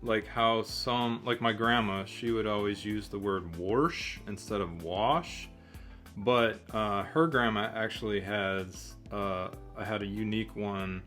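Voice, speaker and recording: A man from Michigan co-hosting a casual chat, speaking in a relaxed, halting way with many "um" and "like" fillers. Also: fairly low pitch, soft background music. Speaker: co-host.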